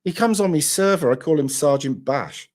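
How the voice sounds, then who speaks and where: Swearing hungover man, lively pitch. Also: normal speed, slight background noise. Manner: swearing, rambling, laughing. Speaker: livestream host. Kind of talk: crude casual chat.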